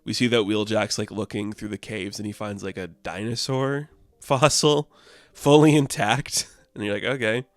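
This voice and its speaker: A man's voice: on the low side, fairly even intonation, normal speed, no echo. A man giving a casual, opinionated comic book review, rambling with lots of fillers.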